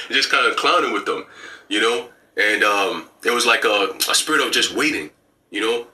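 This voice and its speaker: A man telling a dream story in a slangy, animated way, acting out what people said. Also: medium pitch, normal speed. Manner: slangy and animated, acts out quoted lines. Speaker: church member telling a dream. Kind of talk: casual storytelling.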